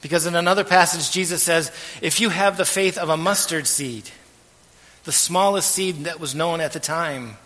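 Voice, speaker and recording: A man preaching a sermon as pastor, earnest and measured, letting his phrase ends trail off softly. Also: fairly high pitch. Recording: long hall reverb.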